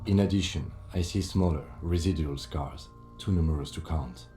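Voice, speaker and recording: An actor playing a calm, methodical police lieutenant in a video game, speaking in a measured, clinical, composed way. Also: male voice, rumbling low, soft background music.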